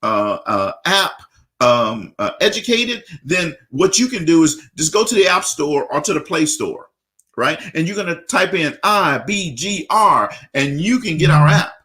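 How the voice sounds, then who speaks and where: A man hosting a radio talk show, energetic and repetitive, often tagging on questions. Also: fairly high pitch, unhurried.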